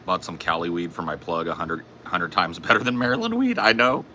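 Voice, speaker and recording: A man's voice: sits low, lively intonation, brisk, pushed and bright, slight background noise. A man on a podcast ranting in a casual, profane, angry monologue, saying he is fed up and mad. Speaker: podcast host.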